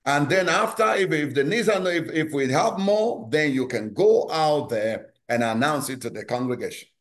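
A man with a Nigerian accent, a pastor preaching emphatically at an online Bible study, moving from low asides to loud high exclamations. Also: normal speed.

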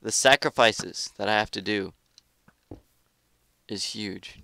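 Gaming youtuber guy, kinda low and gravelly, trash talking and griping about lag while he plays. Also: slow, no echo. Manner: excitable, trash-talks opponents and grumbles about lag. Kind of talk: live gameplay commentary.

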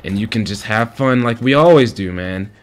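A man voicing his own cocky, bullying alter ego, taunting in a low growl over gameplay. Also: moderate pace, slight background noise, close to an everyday voice. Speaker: video game commentator.

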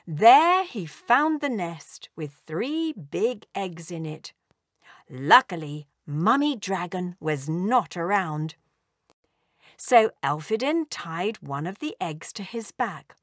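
A woman reads a children's story aloud at an unhurried pace, and her pitch rises and falls with the story. The sound is dry and close. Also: dry recording. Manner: gentle, expressive reading.

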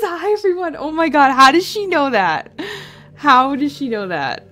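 A woman's voice: high voice, expressive, unhurried, a bit bright. A young woman playing a game and commenting on it, jumpy and nervous, often laughing. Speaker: let's play host.

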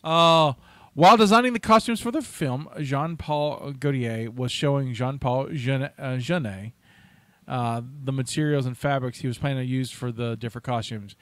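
A man's voice: mid-range voice, normal speed, a bit bright, dry recording. A man co-hosting a casual movie podcast, reading out trivia in a chatty way, restarting his sentences and laughing at his own asides.

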